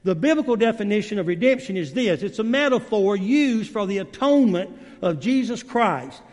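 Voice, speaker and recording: Male preacher; high-pitched and folksy, miked in a big, reverberant sanctuary. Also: expressive, normal speed. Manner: warm, folksy storytelling with many fillers. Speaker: guest preacher. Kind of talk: sermon. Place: church sanctuary. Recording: long reverb of a church hall.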